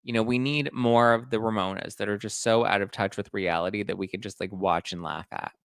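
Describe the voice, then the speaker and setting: A man's voice: lowish voice, steady tone, fairly quick, vocal fry, fairly bright tone, clear, resonant tone, no room sound, clean studio sound. A man hosting a casual gossip podcast, chatting and reading out audience comments. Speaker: podcast host. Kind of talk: casual pop-culture gossip chat.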